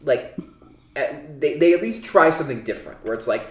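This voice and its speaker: A man riffs scornfully on a film in a fast, casual chat, his pitch leaping around as he swears. He sits a little back from the mic. His voice carries some room echo. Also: recorded from a distance. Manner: animated, scornful, swears a lot. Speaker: film reviewer. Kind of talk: casual profane movie rant.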